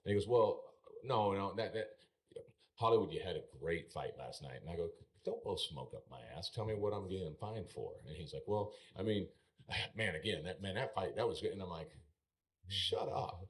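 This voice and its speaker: Very deep-voiced man telling a rodeo story. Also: brisk. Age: middle-aged. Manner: animated storyteller, acts out quoted exchanges. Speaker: podcast guest, retired rodeo bullfighter. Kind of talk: casual storytelling. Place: podcast studio.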